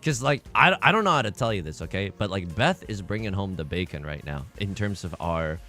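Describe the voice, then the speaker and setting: A young man casually chatting and commenting while streaming online mahjong, excitable and self-mocking, laughing often and jumping from loud outbursts to mumbled asides. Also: low voice, brisk, faint music behind. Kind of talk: casual livestream chat and commentary.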